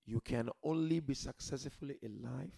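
A man preaching a religious sermon to a seated gathering, emphatic, swinging from loud declarations to quiet murmurs and addressing the listeners directly. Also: mid-range voice, normal speed, creaky, husky. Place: gathering hall with a seated audience.

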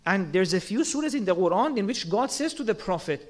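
A religious speaker with a strikingly high voice preaches a sermon, speaking earnestly, asking rhetorical questions and acting out quotes to make each point. His intonation is lively and he talks briskly with few pauses.

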